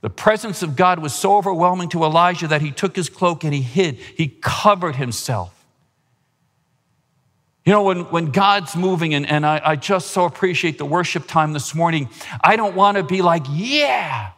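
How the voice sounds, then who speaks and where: Male pastor, fervent sermon delivery, slightly high voice, long church reverb. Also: moderate pace, fairly bright tone. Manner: impassioned preaching, rising pitch at climaxes. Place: church sanctuary.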